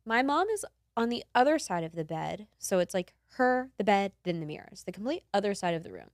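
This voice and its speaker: A woman in her twenties, a podcast host, telling a story in casual chat, animated and laughing, acting out the quotes. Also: medium pitch, brisk, no room sound, clean studio sound.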